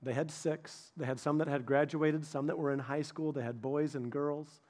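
A middle-aged pastor with a fairly high voice delivers a sermon from the pulpit at normal speed. He tells personal stories with lively humor, often stopping and restarting mid-sentence, keeping a conversational tone as though chatting with his congregation.

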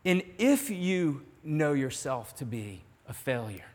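A man preaching a sermon in earnest, dropping to a hush on some lines and rising to emphasis on others. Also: medium pitch, big pitch swings, slow pace. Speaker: pastor. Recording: long hall reverb.

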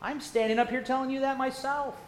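A male pastor preaching a sermon, firing rhetorical questions and swinging from loud to hushed. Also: very high-pitched, fairly even intonation, fairly quick, slight background noise. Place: church sanctuary. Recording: echoey church room.

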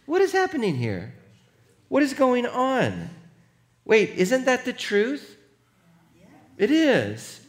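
A man preaching a sermon as pastor, animated and emphatic, and rallying the congregation. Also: very high-pitched, takes it slowly, long pauses.

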